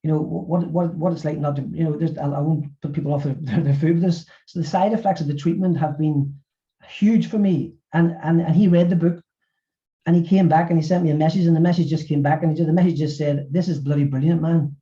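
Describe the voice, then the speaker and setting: A middle-aged man speaks quickly in a webinar interview, stumbling over repeated words as he goes. His voice is deep and mellow, and it comes through a muffled, lo-fi recording. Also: fairly even intonation. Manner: halting, with many repeated words. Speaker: author and former physiotherapist.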